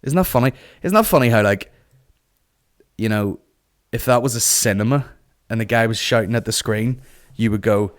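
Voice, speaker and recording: A man's voice: fairly low pitch, brisk. A man hosting a comedy podcast, ranting casually, cursing a lot and acting out other people's voices. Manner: sweary, animated, acts out people's voices. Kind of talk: casual comic rant.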